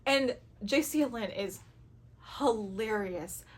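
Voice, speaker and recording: A woman with a high, bright voice talks casually to her viewers about the books she loves. She gushes openly and acts out her own reactions as she goes. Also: expressive, slow, husky. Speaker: book reviewer. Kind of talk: casual chat to camera.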